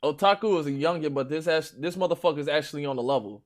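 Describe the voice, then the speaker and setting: A man with a Chicago accent, hosting a stream with loud, profane, boastful trash talk about games. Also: fairly high pitch, quick pace. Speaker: stream host. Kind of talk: casual gaming chat.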